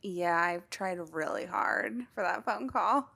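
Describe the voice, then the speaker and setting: A young woman co-hosting a podcast, chatting casually and telling animated stories, with casual swearing. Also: fairly low pitch, slow, creaky. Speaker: podcast co-host. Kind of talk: casual chat.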